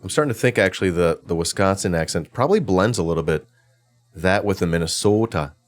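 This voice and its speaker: A man's voice: sits low, lively intonation, fast. A man hosting an interview show, talking in a casual, chatty way and often repeating words as he restarts.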